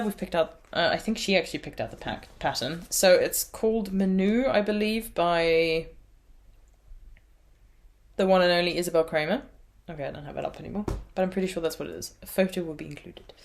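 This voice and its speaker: Chatty Irish woman, lowish voice. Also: a bit bright. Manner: chatty, rambling, laughs at herself. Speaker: knitting podcast host. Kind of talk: casual chat.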